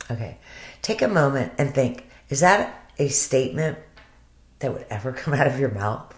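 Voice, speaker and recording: A woman's voice: deep voice, animated, normal speed, fairly bright tone. A woman giving casual commentary from home, chatty and emotional, now and then swearing. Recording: echoey room.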